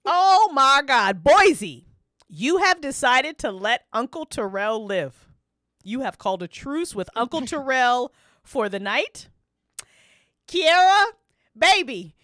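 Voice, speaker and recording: Animated woman reacting with laughter. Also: high voice, measured pace, dry recording, clean studio sound. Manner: reads events aloud, laughing and swearing often. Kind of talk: casual livestream commentary.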